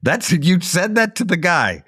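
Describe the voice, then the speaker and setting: A man's voice: high-pitched, very animated, a little slow, pushed and bright, breathy edge, no echo, clean studio sound. A man co-hosting a podcast, a character actor talking in a playful, self-deprecating casual chat.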